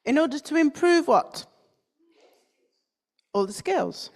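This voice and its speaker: A woman's voice: high voice, very animated, slow, darkish tone. A woman from North London with a standard British accent, giving a chatty conference talk and putting questions to the audience. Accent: standard British English. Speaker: conference speaker. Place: conference hall.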